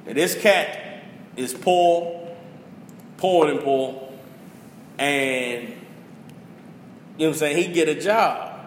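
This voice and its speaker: Guy chatting about a movie, acts out the lines, bit high voice, roomy echo, faint hiss. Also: slow, long pauses. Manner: animated storytelling, acts out quotes. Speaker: podcast host. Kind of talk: casual chat, movie rundown.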